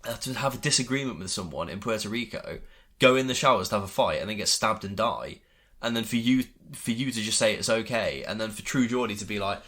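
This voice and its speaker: A man's voice: lowish voice, lively intonation, a little fast, pushed and bright. A man co-hosting a casual chat. He rants in heated bursts, swears a lot and mocks others by quoting them in put-on voices. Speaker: podcast co-host.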